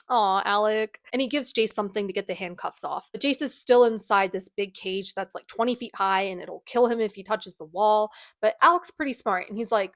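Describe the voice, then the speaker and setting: A woman's voice: mid-range voice, fairly quick, hardly any pauses, fairly bright tone, no room sound, clean studio sound. A woman giving a casual, comedic book recap, sarcastic and profane with chatty asides. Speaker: book youtuber. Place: indoors at home.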